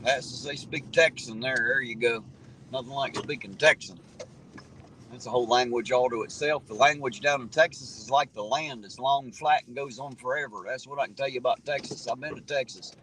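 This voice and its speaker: A man's voice: mid-range voice, brisk, sharp tone, rough recording. A man chatting casually on a livestream from inside his car while driving, rambling in a folksy way and reading out viewer comments. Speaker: livestream host reading chat. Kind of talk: casual chat. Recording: car road noise behind the voice.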